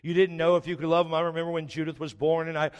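A middle-aged man preaching a sermon as a pastor, rising to loud emphatic peaks and dropping to quiet storytelling. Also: flat delivery, racing, smooth. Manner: impassioned preaching, swells loud and high then drops to storytelling. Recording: long reverb of a large hall.

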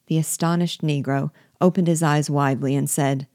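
A woman reading a classic novel aloud with steady, measured storytelling, close to the mic. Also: extremely low pitch, no room sound. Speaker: audiobook reader.

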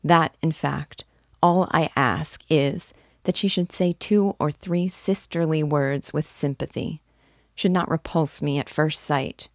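Shy dreamy young guy, read by a woman, pleading, lowish and dry. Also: takes it slowly, dry recording. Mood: earnest. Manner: earnest, pleading. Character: shy lonely dreamy young man of twenty-six.

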